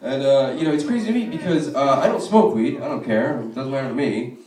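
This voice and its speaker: A man in his twenties doing a stand-up comedy set in a club, telling profane, animated stories with quick asides. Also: mid-range voice, roomy sound, recorded from a distance.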